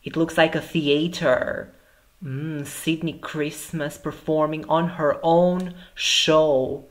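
Slow, gushing man reacting on video. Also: a little high, steady tone. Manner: effusive, exclamatory, gushing praise. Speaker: YouTube reaction host.

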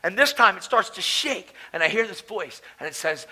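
Male conference speaker, high bright voice, casual slangy preacher delivering a testimony with big jumps from shouts to near-whispers. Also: normal speed, low-quality recording. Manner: animated, swings between loud outbursts and hushed asides. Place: conference hall, live audience.

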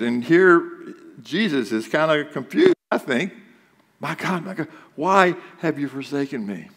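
Male pastor, sermon, conversational preaching, rhetorical questions, mid pitch, long church hall reverb. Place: church sanctuary.

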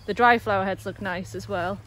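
A woman's voice: mid-range voice, steady tone, fairly quick, fairly bright tone, poor audio. Easygoing woman outdoors. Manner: chatty, easygoing plant descriptions. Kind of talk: casual chat. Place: outdoors in a rural garden. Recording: outdoor recording with faint noise.

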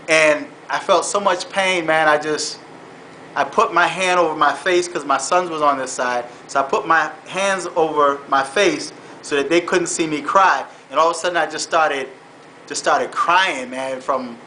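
A man with a fairly high, forceful voice tells his story in an earnest, halting way, often repeating words and saying "man". It is a personal vlog that shifts toward faith-based exhortation. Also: slight background noise, poor audio. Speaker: vlogger.

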